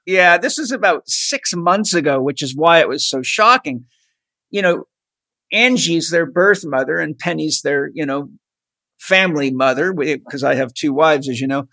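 Man, podcast host, lively storyteller, dry close sound. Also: a little high, moderate pace, creaky, no echo. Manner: animated anecdote-telling, fond. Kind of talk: casual chat, storytelling.

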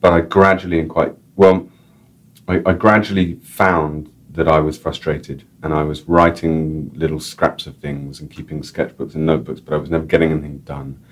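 A very deep-voiced man chats as an interview guest. He rambles enthusiastically, looping through restarts and filler words. His talk is loose and conversational. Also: little pitch movement, moderate pace. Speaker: author and editor, interview guest. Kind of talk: casual interview chat.

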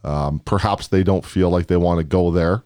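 A Canadian man co-hosting a casual sports chat, laid-back and musing, thinking aloud with many pauses. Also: deep voice, steady tone, darkish tone, no room sound, studio quality. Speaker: co-host.

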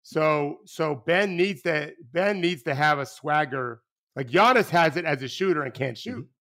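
A former basketball coach talks on a podcast in an animated, rambling way, restarting sentences and swearing casually. His male voice leans high, and he speaks at a measured pace.

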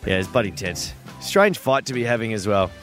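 A man's voice: fairly low pitch, very animated, a little fast, music in the background. A man in his thirties with an Australian accent, hosting a radio show in casual, chatty banter. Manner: chatty, laughing, upbeat. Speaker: radio host.

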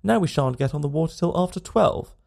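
A quarrelsome young Englishman, played by a male narrator snaps back in a lifted, peevish voice. The sound is gravelly and lively, bouncing up and down as he grumbles. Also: on the high side, fast talker, pitched above the performer's own voice, heavily acted. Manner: peevish, raised, retorting.

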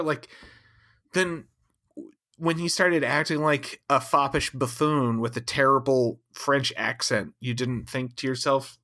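Exasperated, bright-voiced sarcastic man. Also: medium pitch, a little slow. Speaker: podcast co-host. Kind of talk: casual critique chat.

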